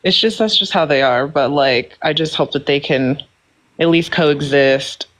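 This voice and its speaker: A man joining a casual live stream chat, hesitant and conciliatory, filling pauses with likes and ums. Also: fairly high pitch, a bit bright, a little hiss or hum, low-quality recording. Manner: hesitant, conciliatory, many fillers.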